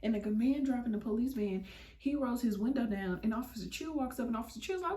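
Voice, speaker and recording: A young woman vlogger telling a story, animated and slangy. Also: fairly high pitch, fast. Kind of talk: storytime vlog. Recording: roomy, mic at a distance.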